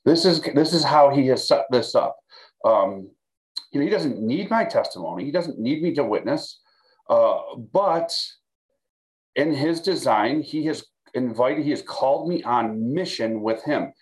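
Man, pastor, Bible teaching for video, conversational, repeats himself, mid-pitched voice. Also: animated, a little slow, low-quality recording. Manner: conversational, repeats words, fillers, checks in with "okay?". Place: recorded for video.

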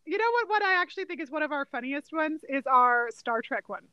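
A woman co-hosting a casual podcast, playful and teasing, quick to laugh. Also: sits high, expressive, no room sound, lo-fi sound. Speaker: podcast co-host. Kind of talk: casual chat.

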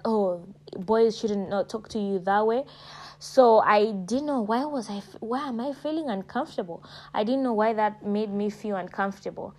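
Emphatic woman lecturing viewers. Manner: emphatic and preachy, addresses listeners as sweetheart and darling; animated, jumps high in pitch when stressing points. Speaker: vlogger giving advice. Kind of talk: casual direct-to-camera talk.

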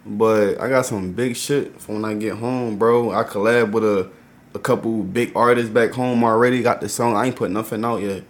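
A man's voice: fairly low pitch, steady tone, normal speed. A man talking as a podcast guest, a rapper, in slangy, profane casual chat. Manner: slangy, profane, keeps saying "you feel me" and "bro".

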